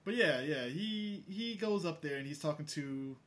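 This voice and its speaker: Excitable, swearing man with a bright voice. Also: fairly high pitch, normal speed. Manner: profane, excitable, laughs often. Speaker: podcast co-host. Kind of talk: casual movie chat.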